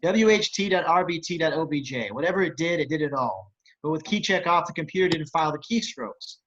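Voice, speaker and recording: Brief: man reading as brisk engineer, fast, somewhat high voice, muffled lo-fi sound, amateur table read. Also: a bit bright. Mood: explaining. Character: male engineer at a control room computer, brisk. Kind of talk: table read over video call.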